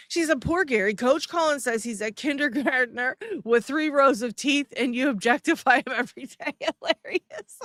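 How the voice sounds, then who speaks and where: A livestream host with a high-leaning, slightly bright voice reads the chat, mocking and sarcastic, laughing often. The recording is dry and studio quality.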